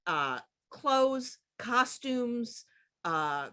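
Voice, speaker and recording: A woman's voice: fairly high pitch, big pitch swings, very slow, fairly bright tone. A woman hosting an author event, affirming what the guest says and gathering the audience's questions together. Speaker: event host. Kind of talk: moderating a Q&A.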